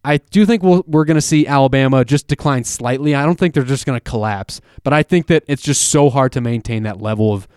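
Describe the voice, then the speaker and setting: A man hosting a casual sports talk podcast, rambling and animated, often restarting his sentences. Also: medium pitch, fairly quick, hardly any pauses, clear, resonant tone, no room sound, clean studio sound. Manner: rambling, self-interrupting, animated. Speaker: podcast host.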